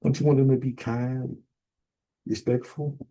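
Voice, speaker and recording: A man ministering in a sermon, emphatic and building to sudden forceful bursts. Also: medium pitch, level tone, measured pace, low-quality recording. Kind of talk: preaching sermon.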